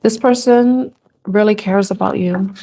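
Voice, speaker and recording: A woman's voice: medium pitch, fairly even intonation, a little slow, mellow. Tender woman giving a tarot reading. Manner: tender, rambling, moved to tears at times. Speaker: tarot reader. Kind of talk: live tarot reading to camera.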